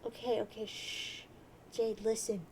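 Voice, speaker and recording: A woman voicing a patient, guilt-ridden teenage girl who hushes and soothes. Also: on the high side, expressive, moderate pace, creaky, a little hiss or hum, rough recording. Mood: soothing. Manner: soothing, hushing.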